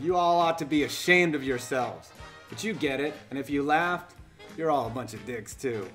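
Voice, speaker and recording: A man's voice: mid-range voice, normal speed, a bit bright, faint music behind. A man hosting a scripted comedy countdown voice-over, delivering sarcastic jokes and innuendo. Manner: sarcastic, joking, innuendo-heavy. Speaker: YouTube channel host.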